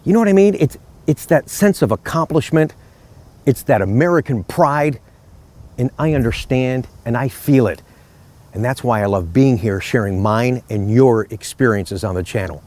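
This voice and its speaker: This middle-aged car salesman's voice is medium-pitched, expressive, a little mellow, and moderately paced. Hosting his own channel from a park, he chats casually and shares friendly stories.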